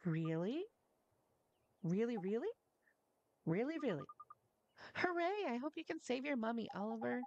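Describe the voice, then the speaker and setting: A woman voicing a small, gentle ghost girl in a soft, lilting, high voice. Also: expressive, normal speed, gravelly, long pauses, dry recording, dull audio.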